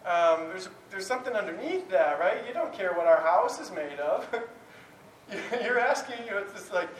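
Speaking at a moderate pace in an expressive, high-sitting voice, a man gives a talk on prayer in a conversational sermon style. He's candid and rambling, restarting frequently, captured in a roomy, distant recording with a bit of faint noise.

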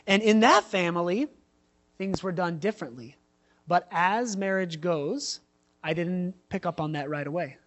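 A man in his thirties preaching a sermon in a conversational way, telling personal stories with frequent asides. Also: high-pitched. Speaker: pastor.

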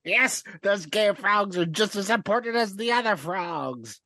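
A man's voice: high voice, lively intonation, measured pace, bright, forceful tone, dry recording, studio quality. Teasing man on a comedy podcast. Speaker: podcast co-host. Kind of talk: casual chat.

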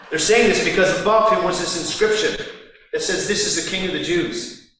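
A man's voice: sits high, a little fast, pushed and bright, a little hiss or hum. A man preaching a sermon, acting out the mockers' lines with sarcasm. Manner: acts out the mockers' voices with sarcasm. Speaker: pastor. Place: large echoing hall. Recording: distant mic in a reverberant hall.

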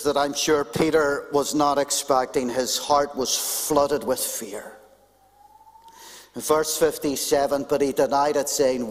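A man preaching a sermon as a pastor, animated and conversational with touches of humor, in a church. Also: medium pitch, unhurried. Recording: long hall reverb.

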